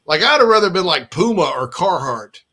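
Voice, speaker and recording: A man hosts a casual sports chat, his voice bright and slightly high. He rambles through stories, restarting often and laughing along the way. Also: sing-song, brisk, slightly rough. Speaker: sports podcast host.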